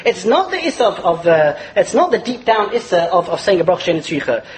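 A man teaching a Torah class in a lively lecture, chuckling as he explains and mixing Hebrew and Yiddish terms into his English. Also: sits high, brisk, rough recording. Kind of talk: animated religious lecture.

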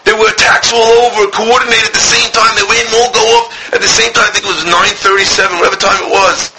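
High, bright-voiced impassioned male preacher. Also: little pitch movement, quick pace, slight background noise, rough recording. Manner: impassioned, swinging from cries to hushed storytelling. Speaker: rabbi and school director. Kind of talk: sermon with storytelling.

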